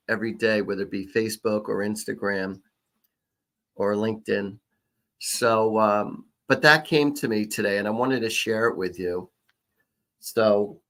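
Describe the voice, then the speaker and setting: A male psychic host talks to his viewers in a loose, chatty way. He rambles, restarts sentences and leans on fillers as he goes. His pitch sits in an ordinary middle range for a man. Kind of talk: casual live-stream chat.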